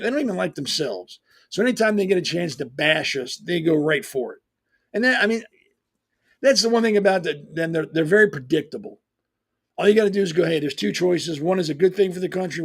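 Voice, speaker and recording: A man's voice: fairly high pitch, vocal fry, husky. A man hosting a talk show, delivering a blunt, profane, sarcastic opinion monologue. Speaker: host.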